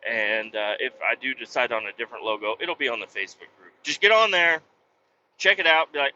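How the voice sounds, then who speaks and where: A man vlogging from his truck on the highway, chatting casually in a blunt, rambling way and swearing freely. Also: brisk, pushed and bright. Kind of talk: casual chat while driving. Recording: dull lo-fi audio with faint road noise.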